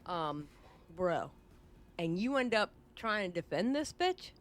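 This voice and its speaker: A woman streamer reacting live to a video, with loud, animated and profane outbursts. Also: on the low side, takes it slowly.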